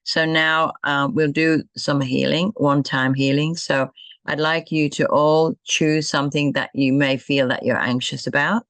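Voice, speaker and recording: An older woman, an energy healer, gently talking through a self-healing demonstration and softly repeating affirmations and thank-yous. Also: deep voice, steady tone, unhurried, no echo.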